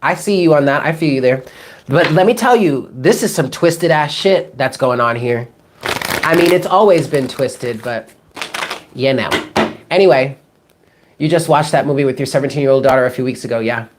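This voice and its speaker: Woman in her thirties, low pitch, casual tarot live stream, rambling and chatty, swears casually. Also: lively intonation, normal speed, a little hiss or hum. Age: 30s. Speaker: tarot reader.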